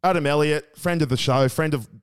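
An Australian man co-hosting a sports podcast, casual chat full of crude, excitable banter. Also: a little high, brisk, smooth. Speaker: podcast co-host.

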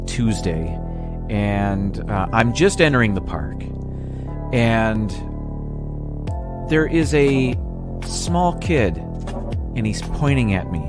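A man telling an anecdote in a recorded voice message, halting, with animated quoted shouts. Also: lowish voice. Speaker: caller sending a voice message.

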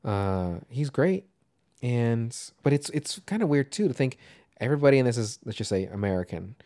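A man in casual podcast chat about films. He rambles, swears and restarts his sentences, with a medium-pitched voice. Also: lively intonation, moderate pace, dark tone. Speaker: podcast co-host. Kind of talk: casual movie discussion.

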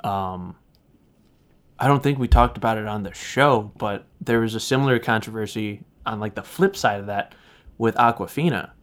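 A man's voice: on the low side, normal speed, fairly bright tone. A man with a Midwestern American accent, co-hosting a podcast in casual chat, loose and rambling and swearing freely. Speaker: podcast co-host.

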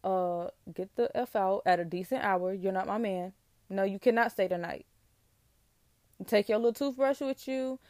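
A young woman, ranting about relationships in a sassy, emphatic, animated way. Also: medium pitch, moderate pace, dry recording, studio quality. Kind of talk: casual relationship rant to camera.

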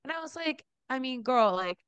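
Young woman podcast co-host, smooth clear tone, dry close sound, animated and quick to laugh. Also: high-pitched, dry recording, muffled recording. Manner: animated storyteller, acts out quoted people, laughs often. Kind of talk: casual chat, storytelling.

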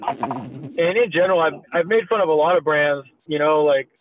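A man's voice: on the high side, normal speed, noisy background. A man in his thirties telling a story in a casual, profane, laid-back way, as a guest. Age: 30s. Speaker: guest, meme creator. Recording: tinny phone line.

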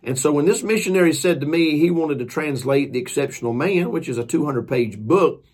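A man's voice: on the high side, expressive, fairly quick, darkish tone, husky. A man, a preacher and author, telling a story in a folksy, earnest, casual way. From Georgia, US.

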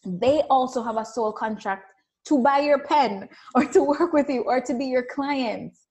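A woman's voice: sits high, unhurried. A woman giving a casual motivational talk on intuition and business, telling stories and acting out the people she quotes. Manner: animated storytelling, acts out quoted voices. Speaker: spiritual business coach.

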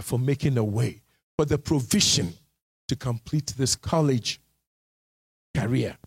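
A man preaching a sermon as pastor, repeating phrases and firing questions at his listeners, dropping low and steady, then rising to shouts. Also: husky, dry recording. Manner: repeats words for emphasis and asks the congregation questions.

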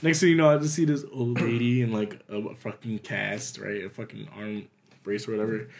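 A man in casual chat, telling animated stories, acting out what people said and laughing often. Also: fairly low pitch, brisk, gravelly.

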